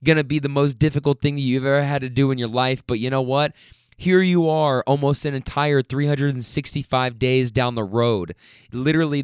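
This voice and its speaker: Candid man telling a story, smooth voice. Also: mid-range voice, no echo, studio quality. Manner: candid, emotional, swears freely. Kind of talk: casual storytelling monologue.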